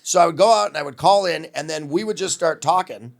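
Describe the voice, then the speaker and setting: Animated gravelly man telling stories. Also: a little high, fast talker. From Wisconsin. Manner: animated storyteller acting out quoted voices. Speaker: radio host guest. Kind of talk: storytelling interview.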